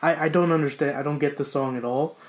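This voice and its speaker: A young man co-hosting a casual podcast chat, talking in halting bursts with many restarts. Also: fairly high pitch, fairly even intonation. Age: young adult. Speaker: podcast co-host.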